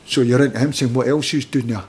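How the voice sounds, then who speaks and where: A man's voice: mid-range voice, steady tone, fast, darkish tone, slightly rough. A middle-aged Scottish man, a former footballer and manager, telling rambling anecdotes in a casual interview and acting out the people he quotes. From Scotland.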